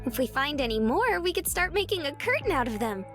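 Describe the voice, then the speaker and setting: A woman voicing an excitable, cheerful young female treasure hunter in a video game, eager and exclamatory. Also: high-pitched, fairly quick. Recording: game audio with music behind.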